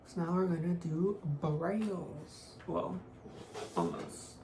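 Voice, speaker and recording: A woman's voice: fairly low pitch, slow. Young woman beauty vlogger, casual filler-heavy chat, roomy sound with faint hiss. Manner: chatty, constant "like" fillers, offhand. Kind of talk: casual makeup tutorial chat. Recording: echoey room, faint noise.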